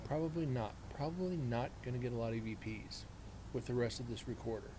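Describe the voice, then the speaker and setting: A man's voice: medium pitch, fast talker. Self-mocking forty-something male stream host. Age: 40s. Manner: rambling, self-mocking, talks to chat directly. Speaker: host of a live-streamed paranormal show. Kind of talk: casual live-stream chat. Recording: steady background noise.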